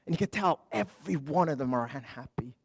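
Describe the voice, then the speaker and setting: Man preaching a lively storytelling sermon. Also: a little fast, breathy edge. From Canada. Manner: conversational storytelling with humor; swings from quiet lows to loud emphatic highs. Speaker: pastor.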